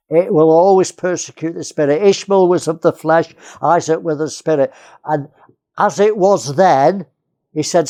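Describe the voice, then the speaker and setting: A man's voice: on the high side, a little mellow. A man from England preaching a sermon, earnest, repeating key phrases and often restarting.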